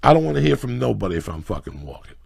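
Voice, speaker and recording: A middle-aged man hosting a casual podcast chat, ranting loudly and profanely in a preachy way. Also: on the low side, big pitch swings, racing. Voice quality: gravelly and husky. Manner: loud, profane, preachy rants. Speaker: podcast host.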